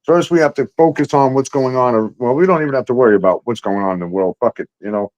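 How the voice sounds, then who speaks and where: A man's voice: medium pitch, fast talker, darkish tone, lo-fi sound. A man hosting a casual talk show, ranting heatedly and swearing a lot. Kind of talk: casual profane chat.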